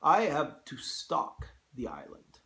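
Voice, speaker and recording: Cultured Russian aristocrat-hunter, slow and menacing with lively pitch swings, put on by a male reader. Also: creaky, heavily acted. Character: suave aristocratic Russian hunter general, older man.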